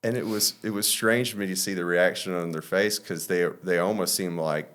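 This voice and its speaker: A man's voice: low-pitched, fairly even intonation, moderate pace, fairly bright tone. A man from Mississippi, a podcast guest telling stories in a loose, rambling way full of fillers and restarts. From Mississippi, USA. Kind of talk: casual storytelling.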